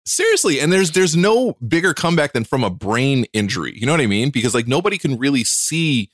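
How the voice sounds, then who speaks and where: A man's voice: medium pitch, sing-song, a little fast, no echo, studio quality. A man co-hosting a podcast, chatting casually with a laughing, self-deprecating manner. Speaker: podcast co-host.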